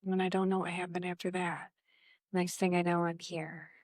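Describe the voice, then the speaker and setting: A woman voicing the ghost of a young woman, lost and grieving, in soft, hushed, halting short sentences, outdoors in a cemetery. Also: fairly low pitch, level tone, dry recording, clean studio sound, lightly acted. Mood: lost, sad.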